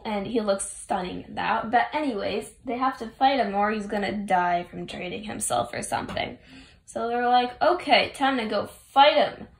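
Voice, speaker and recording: A woman rambles through a casual story recap, chatty and full of offhand asides. Her pitch sits in the middle range, and the room gives her voice a roomy echo. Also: normal speed, creaky, slight background noise. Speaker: fan recapping a game story.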